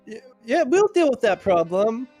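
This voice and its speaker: A man's voice: very high voice, sing-song, normal speed, a little mellow, faint music behind. A man playing a tabletop game, talking casually and a bit hesitantly. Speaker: player.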